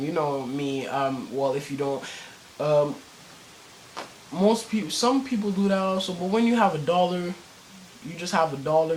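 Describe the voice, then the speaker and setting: A man's voice: fairly high pitch, a little hiss or hum, low-quality recording. A teenage boy telling a story in a casual vlog, rambling with many fillers and restarts and plenty of cursing. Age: teens. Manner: cursing, slangy.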